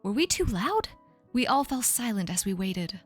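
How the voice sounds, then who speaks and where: A woman in her thirties reads her old fan fiction aloud on a live stream. Her voice is animated, with wide pitch swings and squeaky sound effects. Faint music plays underneath. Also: moderate pace. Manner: self-mocking, laughing, jumps into squeaky sound effects and voices. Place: home streaming setup.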